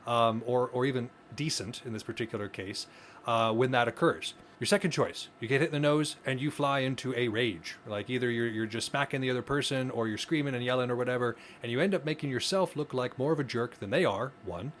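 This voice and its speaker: A man's voice: mid-range voice, fairly quick, a bit bright, slight background noise. A man co-hosting a podcast, explaining ideas earnestly in casual conversation, often restarting his phrases. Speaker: podcast co-host.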